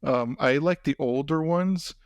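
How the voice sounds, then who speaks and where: A man's voice: on the high side, measured pace, no room sound. A man hosting a podcast, chatting casually and rambling with lots of fillers. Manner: rambling, lots of fillers and "you know what I mean". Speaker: podcast host. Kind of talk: casual chat.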